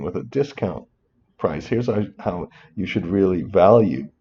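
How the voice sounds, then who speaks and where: A finance instructor works through a screen-recorded spreadsheet tutorial, rambling and breaking off into muttered asides and apologies. His voice sits low with big pitch swings, and he speaks a little slowly. The recording sounds muffled.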